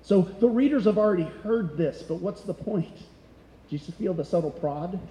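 A man's voice: high-pitched, normal speed, warm tone. A middle-aged man preaching a sermon as pastor, conversational and full of rhetorical questions. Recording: echoey hall.

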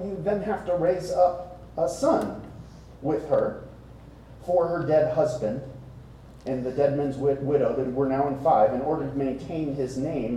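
A man preaching a sermon to a congregation, conversational and animated, often asking the room rhetorical questions. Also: mid-range voice, slight background noise. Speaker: pastor. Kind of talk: expository sermon. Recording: very echoey room, speaker distant from mic.

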